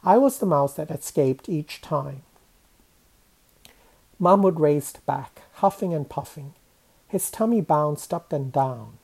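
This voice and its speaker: Slow, gravelly-voiced woman storyteller. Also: low-pitched, low-quality recording. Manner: expressive, shifts voice for each character. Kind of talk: reading a children's story aloud.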